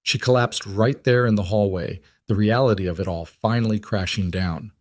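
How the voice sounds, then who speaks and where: A man narrating a scripted romance story in an even, steady manner. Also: lowish voice, moderate pace, no room sound, clean studio sound.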